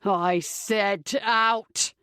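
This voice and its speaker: A woman's voice: medium pitch, steady tone, normal speed, a bit bright, no room sound, studio quality, voice pushed down, natural voice. A woman voicing an angry young man who gives curt, snarling orders in an audiobook. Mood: furious. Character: furious young man, commanding and harsh.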